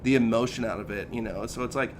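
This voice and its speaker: A man in his thirties co-hosts a podcast and tells a personal story in loose, casual chat, acting out the lines he quotes. His voice is mid-pitched and swings up and down as he gets into the story. A faint hiss sits under it. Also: quick pace. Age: 30s. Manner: animated, acts out quoted lines, says "dude" and "like" a lot. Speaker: podcast co-host.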